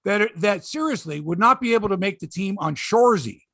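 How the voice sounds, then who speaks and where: Animated, high-voiced man. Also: a little fast, vocal fry, no echo, clean studio sound. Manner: animated, excitable storytelling with swearing and impressions. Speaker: sports podcast host. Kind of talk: casual sports chat.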